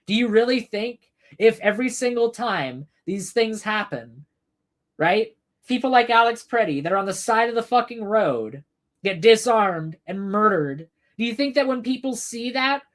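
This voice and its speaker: A woman hosting a livestream, delivering an angry, profane and sarcastic political rant while addressing chat commenters by name. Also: on the high side. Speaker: livestream host answering chat.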